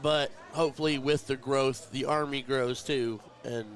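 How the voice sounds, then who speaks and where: A man's voice: mid-range voice, fairly even intonation, measured pace. Chatty man commentating live darts. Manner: chatty, heartfelt, emotional. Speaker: tournament commentator and stream host. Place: darts tournament venue.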